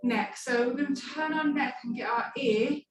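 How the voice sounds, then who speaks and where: A woman's voice: high voice, normal speed. A woman leading a stretch class, giving playful, encouraging cues. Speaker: fitness instructor. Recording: echoey room, far from mic, music behind. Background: background music.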